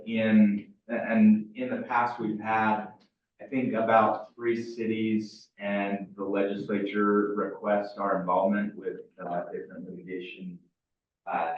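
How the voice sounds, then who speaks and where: A man explaining a policy at a board meeting, halting, with many fillers. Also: fairly low pitch, slight background noise. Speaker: staff member presenting a report. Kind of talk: meeting report. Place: meeting room. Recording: very echoey room, far from mic, dull.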